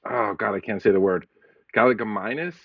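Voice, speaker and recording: Rambling low-voiced man. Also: a little fast, no echo. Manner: rambling, searches for words. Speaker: podcast co-host. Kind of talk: casual chat. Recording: dull dry lo-fi audio.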